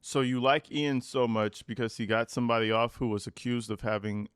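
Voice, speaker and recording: Male commentary host, higher-pitched voice, sarcastic and foul-mouthed, dry close sound. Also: fairly bright tone, clear, resonant tone, no room sound. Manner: sarcastic, profane, mock-tearful asides. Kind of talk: reaction commentary.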